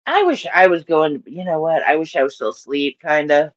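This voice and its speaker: A woman's voice: low voice, normal speed, lo-fi sound. A woman with a Southern US accent chatting casually to her live-stream audience, rambling and laughing often.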